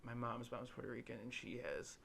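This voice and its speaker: Speaking briskly in a gravelly, medium-pitched voice, this young Illinois co-host wanders through filler-heavy anecdotes on a casual podcast. He brings the people he quotes to life with animated voices. There's a faint hiss or hum in the recording.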